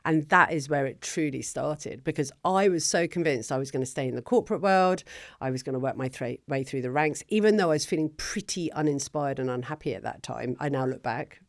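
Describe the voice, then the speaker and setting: A woman's voice: low voice, fairly quick, dry recording. Chatty middle-aged woman, dry sound. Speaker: guest, business founder. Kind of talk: casual interview storytelling.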